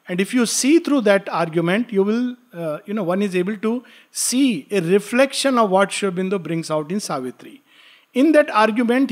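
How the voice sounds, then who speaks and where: Male teacher, higher register; explanatory lecture style, slow verse reading. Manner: explanatory, reads verse slowly, laughs lightly. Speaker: spiritual study-class teacher.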